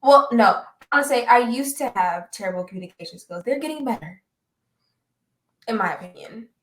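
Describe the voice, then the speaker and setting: A woman's voice: a little high, expressive, fairly quick. A woman co-hosting a podcast in casual chat, easygoing and reflective. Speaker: podcast co-host. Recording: roomy echo.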